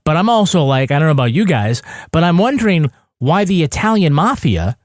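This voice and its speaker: A man's voice: on the high side, very animated, fairly quick, no room sound, clean studio sound. Wry, sarcastic man on a podcast. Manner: wry, sarcastic, swears casually. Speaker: podcast co-host. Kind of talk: casual podcast chat.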